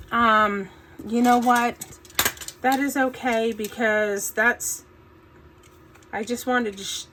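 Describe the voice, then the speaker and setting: With a groggy morning voice after just waking up, a craft channel host chats folksily through a casual crafting tutorial, frequently saying "um." Her voice is a little high and fairly bright. The low-quality recording carries slight background noise.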